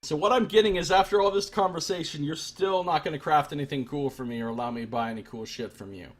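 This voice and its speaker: A man streaming a game, giving loose, wry commentary with profane asides in a husky voice. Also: a little high, fast. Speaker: let's play streamer. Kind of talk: casual gameplay commentary.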